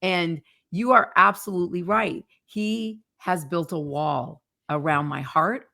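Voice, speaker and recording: A woman's voice: fairly low pitch, fairly even intonation, takes it slowly, gravelly, bright, forceful tone. A woman hosting a Christian interview, speaking earnestly and from the heart. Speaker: ministry host. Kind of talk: interview conversation.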